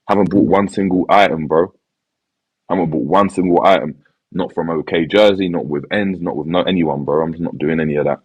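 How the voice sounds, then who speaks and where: A man talks football in a casual podcast chat, sounding laid-back and resigned, and he leans on slang and repeats his phrases. His voice sits very low with a husky, grainy edge. The recording is close and dry. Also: a little fast, darkish tone, dry recording, poor audio. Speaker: football fan panelist.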